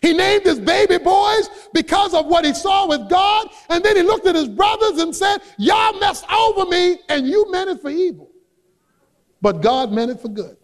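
A man preaching a sermon as a pastor, emphatic and rising to shouts on key points. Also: very high voice, lively intonation, moderate pace, in a large hall. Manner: acts out quoted voices in his own voice.

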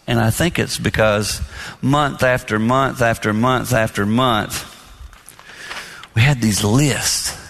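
A man preaching a sermon on marriage, telling personal stories in a lively, confessional way. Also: medium pitch, vocal fry. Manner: animated storytelling, confessional. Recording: long reverb in a large hall.

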